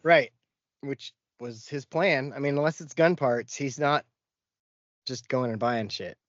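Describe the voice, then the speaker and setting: A man's voice: mid-range voice, unhurried, dry recording, muffled recording. A man co-hosting a podcast, telling rambling stories in casual chat and laughing often. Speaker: podcast co-host.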